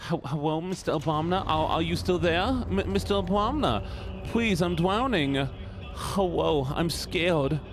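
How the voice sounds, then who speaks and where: A man's voice: a little high, measured pace, slight background noise, voice pushed up. A man doing a panicked drowning guy begging. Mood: pleading. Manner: breathless, stammering pleas.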